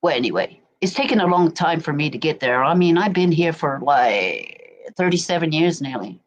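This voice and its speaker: A woman's voice: sits low, lively intonation, normal speed, rough recording. A middle-aged woman from England with a Berkshire accent, chatting casually on a stream and often asking "do you know what I mean". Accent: English, Berkshire. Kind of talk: casual chat. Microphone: desk mic.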